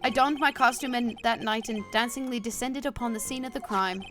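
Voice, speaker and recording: Woman doing a high, stammering young man, put-on British accent, eager and jittery, faint game music. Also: fairly even intonation, fairly quick, a bit bright, close to an everyday voice. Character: nervous, eager young male thief-confessor. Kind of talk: game dialogue read aloud on a stream.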